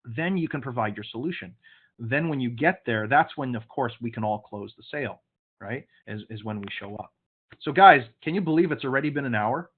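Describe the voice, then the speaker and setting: Stern sales coach on a video call. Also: male voice, mid-range voice, animated, a little fast, husky. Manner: coaching, direct, sometimes stern. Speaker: sales trainer. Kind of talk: online training session. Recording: phone-like video call audio.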